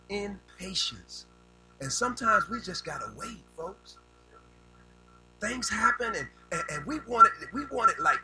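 A man's voice: sits high, sharp tone, slightly rough, rough recording. An older man preaching a sermon in a folksy, down-home way, often repeating words as he builds a point. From rural United States.

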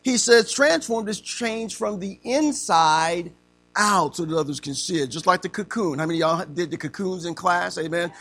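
Male preacher with a bright, gravelly tone, teaching interactively and emphatically. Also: high voice, moderate pace. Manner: asks the room questions and acts out stories. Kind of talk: interactive sermon.

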